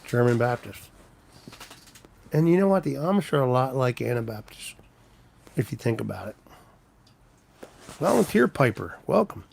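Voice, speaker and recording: A man's voice: mid-range voice, animated, moderate pace, creaky, long pauses, a little mellow. A man on a casual live stream, telling rambling stories and answering viewers' comments. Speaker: trucker livestreaming, reading chat.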